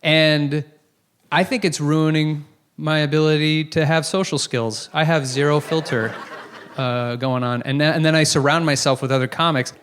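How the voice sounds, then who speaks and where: A man's voice: a little high, fairly even intonation, moderate pace, fairly bright tone, smooth. Brash, profane stand-up comic man. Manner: brash, profane, self-mocking storytelling. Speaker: stand-up comedian. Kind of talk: stand-up comedy set. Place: comedy club stage before a live audience.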